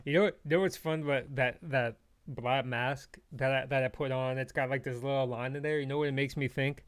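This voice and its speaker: A man on a casual podcast panel, joking in a relaxed way and laughing along with his co-host. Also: mid-range voice, a little fast. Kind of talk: casual chat.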